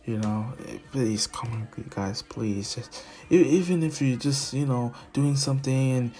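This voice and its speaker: A man's voice: mid-range voice, a little slow, mellow. A man casually retelling a fan-made anime story, rambling and doing voices for the characters. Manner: rambling, laughing to himself, does voices.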